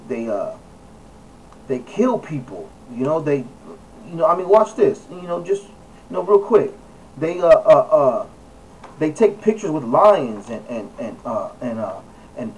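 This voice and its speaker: A man with a fairly high voice talks casually to his viewers, pressing his points hard and repeating himself between fillers. He sits some way back from the mic, so his voice sounds a little distant. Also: darkish tone, a little hiss or hum. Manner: emphatic, repeats phrases, many fillers. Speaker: video blogger. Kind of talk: casual vlog commentary.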